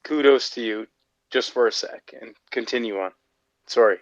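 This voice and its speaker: A man from Canada on a casual group call, excitable and quick to interrupt, often laughing. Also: medium pitch, dry recording. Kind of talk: casual chat. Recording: dull dry lo-fi audio.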